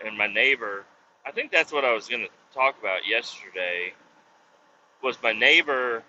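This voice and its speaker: A man's voice: medium pitch, expressive, normal speed, bright, forceful tone. Profane rambling man venting in a car. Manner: profane, rambling, exasperated storytelling. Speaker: podcast host. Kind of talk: casual rant while driving. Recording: dull lo-fi with faint road noise.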